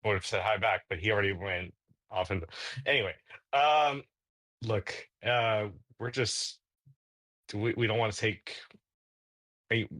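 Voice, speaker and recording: A man's voice: fairly low pitch, unhurried, pauses often, fairly bright tone, no echo. A man playing a tabletop role-playing game in character, rambling with lots of stammers and restarts. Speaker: player.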